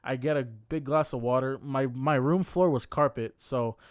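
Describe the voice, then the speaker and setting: A man's voice: medium pitch, moderate pace, dry recording, clean studio sound. A young man co-hosting a podcast, telling a long personal story in a casual, heavily profane, rambling way full of fillers. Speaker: podcast co-host.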